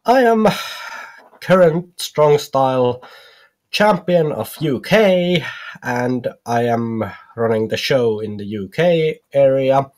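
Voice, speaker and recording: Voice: mid-range voice, lively intonation, takes it slowly, hardly any pauses, pushed and bright. A player doing a boastful wrestling champ. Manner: proud, announcing.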